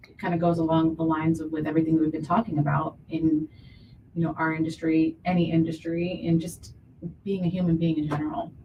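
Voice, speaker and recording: A woman's voice: sits low, level tone, fairly quick, background noise. An American woman hosting a casual chat, agreeable and reflective. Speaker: host.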